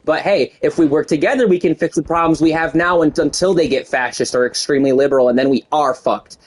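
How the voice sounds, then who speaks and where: A man's voice: on the high side, fast talker. A man from the United States giving a heated, profane political rant in a blunt, agitated way.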